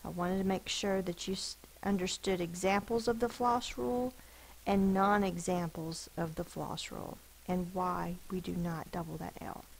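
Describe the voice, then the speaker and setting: A woman teacher giving a phonics spelling lesson, sounding out words slowly and deliberately over a screen recording. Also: lowish voice, fairly even intonation, creaky, a little hiss or hum, low-quality recording.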